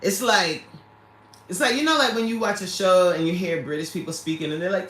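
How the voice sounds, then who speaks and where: A woman with a fairly low, fairly bright voice speaks fairly quickly as she hosts a relaxed livestream from an echoey room. She reads viewers' chat aloud, laughs a lot, and talks directly to them.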